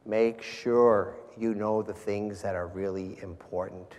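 A man preaching a sermon and reading scripture aloud, then closing in prayer, moving between loud emphasis and quiet, soft passages. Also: on the low side, fairly even intonation, takes it slowly, hardly any pauses. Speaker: pastor. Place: church sanctuary. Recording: long reverb of a church hall.

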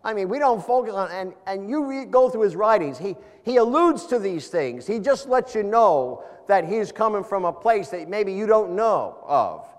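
A man preaching a sermon, swinging from loud emphatic lines to soft low asides and stressing key words slowly. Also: sing-song, in a large hall. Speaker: pastor.

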